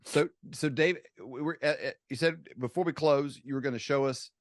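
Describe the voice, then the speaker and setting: Male host, conversational, hesitant fillers, mid pitch, dry close recording. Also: moderate pace, dry recording. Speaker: interviewer, host. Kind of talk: casual video interview.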